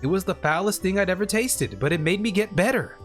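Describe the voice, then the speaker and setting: A man's voice: high-pitched, animated, a little fast, a bit bright, soft background music, pitched above the performer's own voice. A man voicing an earnest little girl. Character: earnest little girl who dreams of healing. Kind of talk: reading game dialogue aloud.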